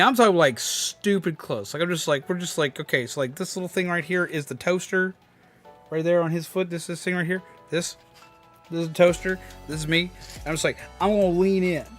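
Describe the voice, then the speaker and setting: A man streaming live, telling a story casually and excitedly, cursing freely and using lots of fillers. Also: high-pitched, brisk, soft background music. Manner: excitable, swears a lot, many fillers.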